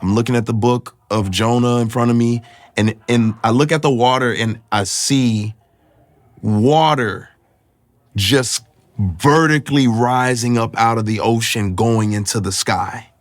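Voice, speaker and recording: A man telling his personal faith testimony in a reflective, halting, emotional way. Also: mid-range voice, no echo. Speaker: guest sharing his testimony.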